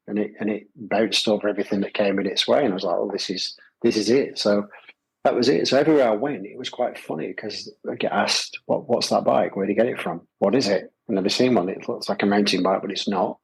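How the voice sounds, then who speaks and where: Low raspy guy rambling through a story on a podcast, lots of "you know". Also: rough recording. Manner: rambling, lots of fillers and repeated phrases. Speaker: podcast guest, gravel shop owner. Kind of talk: casual conversational storytelling. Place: Adelaide Hills, South Australia.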